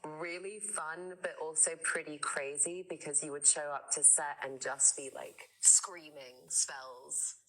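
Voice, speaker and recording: A young woman chatting in an interview, animated and giggly, with quick asides. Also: low-pitched, low-quality recording. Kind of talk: casual chat.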